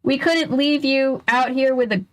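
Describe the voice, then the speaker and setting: Woman playing a scared cartoon sidekick, high, pleading, storybook reading. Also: measured pace. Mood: nervous. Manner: nervous and pleading, pitched up. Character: jittery young man, cowardly cartoon sidekick.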